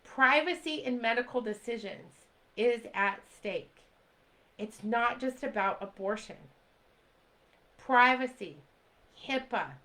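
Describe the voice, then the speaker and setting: A woman's voice: on the high side, a bit bright, poor audio. A woman in her forties talking straight to her viewers in an urgent, pleading way, repeating phrases for emphasis and answering live comments as she goes. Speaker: livestream host. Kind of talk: impassioned direct-to-camera talk.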